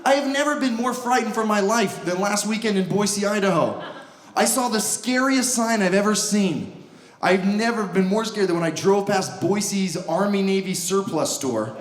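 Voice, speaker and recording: A young man doing a stand-up comedy set on a club stage, sarcastic and animated, acting out bits in exaggerated voices. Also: high voice, normal speed. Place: comedy club stage before a laughing audience. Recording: roomy stage sound with audience noise.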